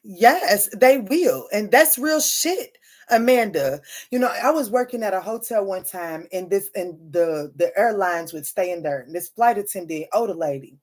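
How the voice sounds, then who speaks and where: A woman's voice: mid-range voice, expressive, normal speed. Blunt, cussing woman reading tarot live. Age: adult mother. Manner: blunt, profane and emphatic, calling listeners honey and baby. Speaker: tarot reader. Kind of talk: casual livestream chat with viewers.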